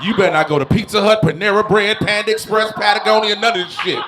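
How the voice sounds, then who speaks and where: Loud, profane man doing stand-up. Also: high voice, steady tone, fast talker. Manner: loud, profane, bursts of shouting and laughter. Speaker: stand-up comedian. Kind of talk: stand-up set. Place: live comedy show in a tavern. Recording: stage mic with loud noise.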